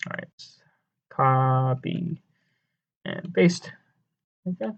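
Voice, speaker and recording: A man rambles through casual deadpan commentary, trailing off into fillers and restarting his sentences. His voice sits at an ordinary middle pitch. The recording sounds a little dull and lo-fi. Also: drawn-out words, creaky. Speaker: video creator ranking songs.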